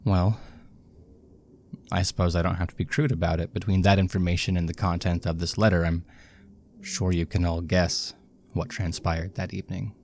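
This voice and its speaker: A guilt-ridden young man confesses in hesitant fits and starts, as a man plays him. His voice is very deep and gravelly, with a flat, heavy delivery and slow pacing. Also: a little hiss or hum. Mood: heavy, sombre.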